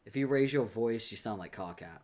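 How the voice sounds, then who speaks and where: A man streaming at his desk mic, reading a webcomic aloud and breaking off to chat with his viewers. His talk is loose and casual, full of quick laughs and offhand swearing. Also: on the low side, expressive, a little mellow. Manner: laughs often, swears casually, chatty asides.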